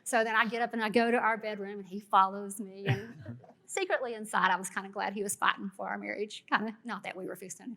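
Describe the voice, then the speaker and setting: Texan woman rattling off a marriage story, quick and lively. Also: medium pitch, creaky. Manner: lively anecdotal telling. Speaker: panel guest, married woman. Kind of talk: casual storytelling.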